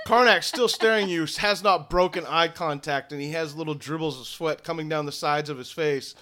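A man narrating scenes as game master of a tabletop game, steady and descriptive with a few fillers. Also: fairly high pitch, a little fast.

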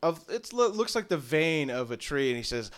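Male GM, relaxed descriptive narration, expressive up-and-down delivery. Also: a little high, normal speed. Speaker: game master. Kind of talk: narrating a tabletop game.

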